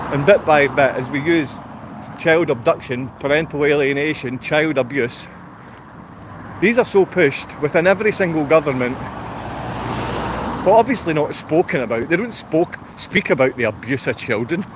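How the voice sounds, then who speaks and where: A Scottish man with a Glaswegian accent, rambling to his viewers on a walk-and-talk vlog, chatty and quick to laugh. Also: on the high side. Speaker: vlogger. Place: outdoors on a town street with traffic. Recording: street traffic noise behind.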